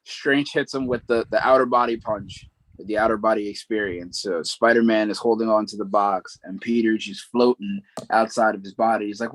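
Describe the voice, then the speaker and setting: A man's voice: fairly low pitch, steady tone, brisk, dry recording, rough recording. A man co-hosting a podcast, casually retelling a story with many fillers and asides. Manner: rambling plot recap with many fillers. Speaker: podcast co-host. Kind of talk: casual chat.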